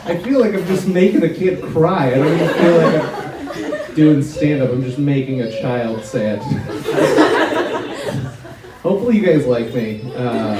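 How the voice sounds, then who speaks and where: A young man doing a self-deprecating stand-up set, bantering awkwardly with a college audience. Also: a little high. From United States. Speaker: stand-up comedian. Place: college auditorium before a live audience. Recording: far, echoey hall with loud noise.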